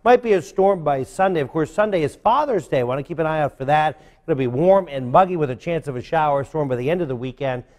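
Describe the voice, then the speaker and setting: A man's voice: a little high, animated, fast talker, few pauses, darkish tone. Chuckling TV weatherman. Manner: laughing, trying to keep composure. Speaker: weather forecaster. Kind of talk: live broadcast weather report.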